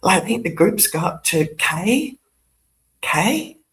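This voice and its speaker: A woman's voice: on the low side, sing-song, slow pace, a bit bright. An older woman, hosting her own channel in a casual, rambling chat, laughing often and tossing in sarcastic asides. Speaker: YouTube channel host.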